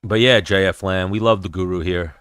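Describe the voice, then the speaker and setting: A man's voice: low-pitched, fairly even intonation, a little fast, a bit bright, clean tone, dry recording, clean studio sound. A man hosting a casual livestream chat while watching fights, blunt, profane and rambling. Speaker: podcast host.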